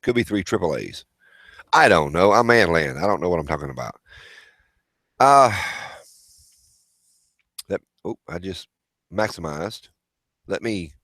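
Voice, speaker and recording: A man's voice: on the low side, fairly bright tone, no echo. A man hosting a casual livestream, rambling as he reads viewer chat and calls out names. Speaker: livestream host.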